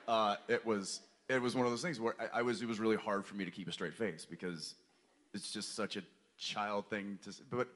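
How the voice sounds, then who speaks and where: A man on a convention panel telling a funny family story to an audience, animated and jokey, breaking into loud mock-scolding. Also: lowish voice. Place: large convention hall with audience.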